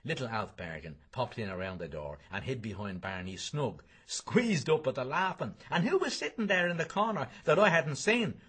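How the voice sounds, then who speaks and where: A man's voice: medium pitch, animated, moderate pace, hardly any pauses, fairly bright tone, breathy edge. A man reading a novel aloud in a colloquial, gossipy storytelling manner. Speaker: reader.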